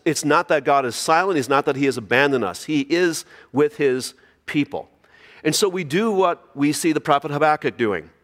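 A man's voice: on the high side, fairly bright tone, big-room sound. A man preaching a sermon, reading scripture aloud and asking the congregation rhetorical questions. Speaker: pastor.

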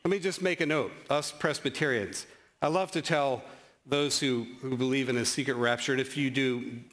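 A man preaching a sermon as pastor, animated, with sudden rises in pitch and slow, emphatic scripture reading, plus some self-deprecating humor.

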